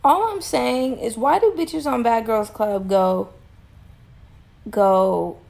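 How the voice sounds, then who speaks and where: Young woman, twenties, crude goofy sketch comedy, gravelly, slow delivery. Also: a little high, a little mellow. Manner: goofy, crude, playful voice changes. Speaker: content creator. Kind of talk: absurd comedy sketches to phone.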